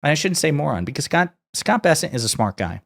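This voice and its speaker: A man's voice: on the high side, big pitch swings, quick pace, gravelly, fairly bright tone. Brief: man delivering scornful, emphatic political commentary.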